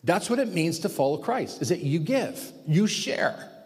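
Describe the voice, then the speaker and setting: A man's voice: a little high, very animated, normal speed, husky. A male pastor preaching a sermon, raising his voice for emphatic commands and quoting scripture. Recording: long hall reverb.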